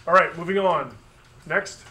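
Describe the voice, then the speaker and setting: A man teaching physics to a class, brisk and conversational, with joking asides. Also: a little high, pushed and bright, a little hiss or hum. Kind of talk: classroom review lesson.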